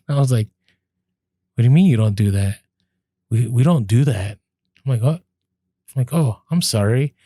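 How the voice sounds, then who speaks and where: A man co-hosting a podcast, telling a story in casual chat, animated, laughing as he goes and acting out what people said. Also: mid-range voice, moderate pace, long pauses, no room sound, studio quality. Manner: animated, laughs through stories, acts out quoted lines. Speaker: podcast co-host.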